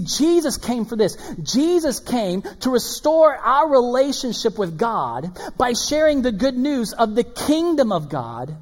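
Man, pastor, sermon, high voice, lively swings loud to hushed, long church reverb.

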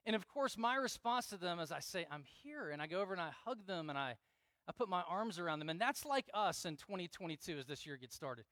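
A man's voice: high-pitched, expressive, quick pace, fairly bright tone, dry recording. A middle-aged man preaching a sermon as pastor, earnest and repeating key phrases for emphasis. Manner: earnest, repeats key phrases, acts out prayers in dramatic quoted voices.

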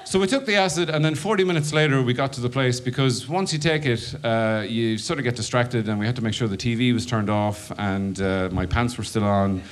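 A man's voice: mid-range voice, fairly quick, hardly any pauses. An Irish man doing stand-up, telling a story and acting out his own panicked inner voice. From Ireland. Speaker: stand-up comedian.

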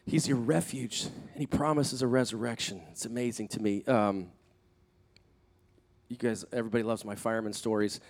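A man preaching a sermon, telling a personal story in an earnest, animated way that builds in intensity. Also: medium pitch, normal speed. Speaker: pastor.

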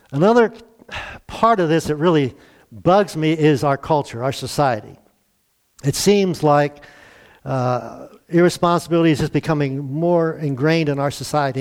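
A male pastor with a slightly high voice gives a sermon in a conversational style. He keeps posing rhetorical questions to the congregation.

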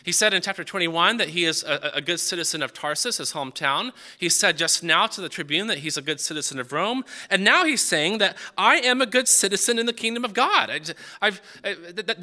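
A man delivering a sermon in a very bright, forceful voice that sits a little high. He talks conversationally and often stammers and restarts his sentences. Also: expressive, brisk, hardly any pauses. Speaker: preacher.

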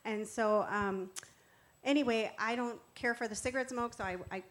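A woman giving a personal faith testimony as a church co-founder. She tells the story earnestly, moving between hushed reverence and lively warmth as she talks through her slides. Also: fairly high pitch, normal speed.

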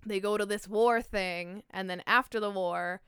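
A young woman co-hosting a podcast in casual, excited chat, swearing freely and laughing often. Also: medium pitch, normal speed, smooth, no echo, studio quality. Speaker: podcast co-host.

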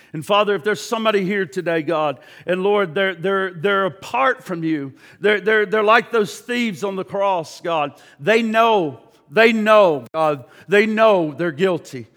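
Impassioned high-voiced male preacher. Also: measured pace, long reverb tail. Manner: impassioned preaching that swings from loud highs to hushed prayer, with repeated words. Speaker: pastor. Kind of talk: sermon and altar prayer. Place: church.

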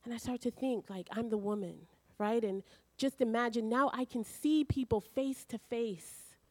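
Lively woman preaching a sermon. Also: a little high, no room sound. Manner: animated storytelling, rapid questions. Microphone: handheld mic.

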